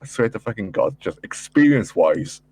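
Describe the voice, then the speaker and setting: A man on a gaming podcast, talking casually and swearing, working himself up into excited storytelling. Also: mid-range voice, normal speed, gravelly, breathy edge. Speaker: podcast panelist. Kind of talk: casual chat.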